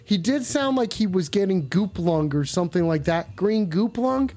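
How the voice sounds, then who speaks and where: A man's voice: high-pitched, animated, normal speed, a little mellow. A man hosting a comedy call-in show, with crude, mock-sincere, rambling banter.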